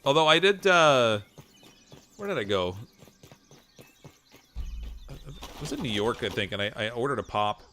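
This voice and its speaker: A Canadian-accented man talks casually while he plays a game, in a mid-pitched voice. He reads out chat comments and answers them in a loose, rambling way. He breaks into laughter often. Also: lively intonation, a little slow, pauses often, sharp tone, a little hiss or hum. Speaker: gameplay streamer reading chat.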